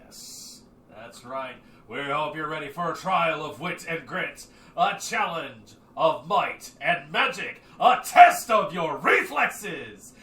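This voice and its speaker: Man playing a booming game-show announcer. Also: sing-song, a bit bright, heavily acted. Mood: showman. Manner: booming, drawn-out showman delivery. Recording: roomy and distant, music behind.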